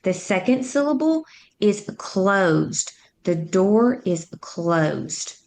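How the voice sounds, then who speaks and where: A woman tutor narrating a phonics lesson, speaking slowly and clearly as she sounds out words and syllables. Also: medium pitch, sing-song, a little mellow. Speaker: reading tutor.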